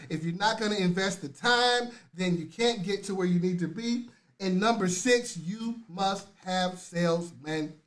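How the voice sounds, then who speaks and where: A man hosting a live motivational talk, preachy and exuberant, repeating phrases and urging listeners on. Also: high voice. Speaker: motivational host.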